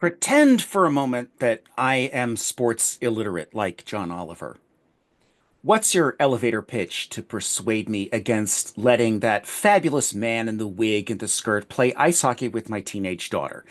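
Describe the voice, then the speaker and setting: Sardonic man interviewer, lively pitch. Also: moderate pace. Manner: sardonic, mock-naive questioning. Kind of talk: podcast interview.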